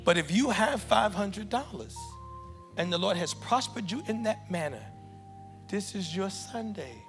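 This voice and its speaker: A man preaching in a church, leading a loud, chanting prayer with call-and-response before an offering appeal. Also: high-pitched, expressive, unhurried, long reverb tail. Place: church sanctuary with congregation. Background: church music playing.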